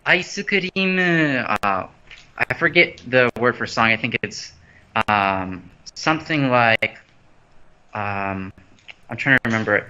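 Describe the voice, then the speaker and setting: Male streamer, bright tone, playful rambling chat from a phone, slightly dull lo-fi sound. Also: medium pitch, lively intonation, takes it slowly, clear, resonant tone. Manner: rambling, playful, loses his train of thought. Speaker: host. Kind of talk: casual livestream chat. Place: an empty new house.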